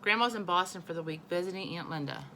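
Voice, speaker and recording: A woman's voice: on the low side, quick pace, bright, forceful tone, a little hiss or hum, low-quality recording. A woman reading aloud and voicing an exasperated, sulky older brother. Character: annoyed older brother, young boy.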